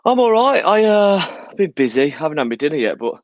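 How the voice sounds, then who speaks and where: A man's voice: fairly high pitch, big pitch swings, fast, no echo. A man with a Birmingham accent co-hosting a live podcast, chatty and teasing, talking between bites of food. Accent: Birmingham English. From Birmingham, England. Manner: chatty, teasing, talks while eating. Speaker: podcast co-host. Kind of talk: casual live podcast chat. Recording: dull lo-fi dry sound.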